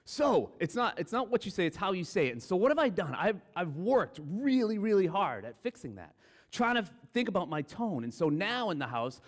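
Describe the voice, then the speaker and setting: Man preaching with lively swings in pitch. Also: normal speed. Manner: candid, self-deprecating, storytelling. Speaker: guest preacher. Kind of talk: conversational sermon. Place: church sanctuary. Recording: long hall reverb in a church.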